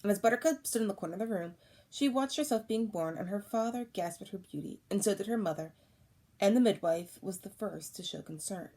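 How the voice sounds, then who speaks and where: This is a woman reading a storybook aloud at a middle pitch. Her narration is calm and steady. She slips into voices for the characters as she goes. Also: a little fast. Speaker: audiobook reader.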